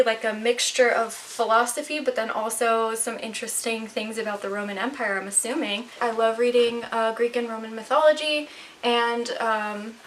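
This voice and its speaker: Young woman, casual vlogger, upbeat and chatty, slightly breathless, fairly high voice, mic a bit distant. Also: slight background noise. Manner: chatty, enthusiastic, many fillers. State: a little out of breath. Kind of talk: casual book haul chat. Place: at home, near her bookshelf.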